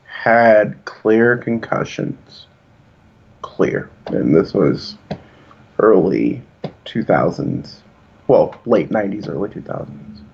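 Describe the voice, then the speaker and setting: A man's voice: fairly low pitch, vocal fry, slightly rough, dull audio. A man in his thirties, a podcast co-host, talking in an earnest, reflective way as he tells personal stories. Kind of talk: casual chat.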